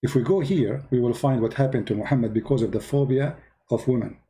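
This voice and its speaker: Male host, casual sarcastic commentary, halting non-native English, warm mellow voice. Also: mid-range voice. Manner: sarcastic, mocking, talks directly to viewers.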